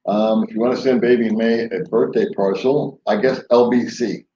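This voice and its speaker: In a late-night live stream from his home in the Philippines, a man rambles and jokes, chuckling through his stories. His medium-pitched voice is mellow and steady at normal speed. Slight background noise, room echo, and dull lo-fi quality mark the recording.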